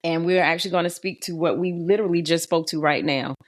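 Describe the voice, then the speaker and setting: A woman's voice: lowish voice, quick pace. A woman guest talking about her nonprofit, candid and emphatic. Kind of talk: conversational interview.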